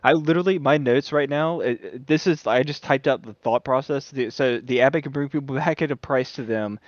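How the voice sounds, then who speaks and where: A man's voice: mid-range voice, fairly quick, no room sound, lo-fi sound. A man playing in a tabletop game, laughing, swearing and reading from his notes. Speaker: player. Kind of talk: casual chat at a tabletop game.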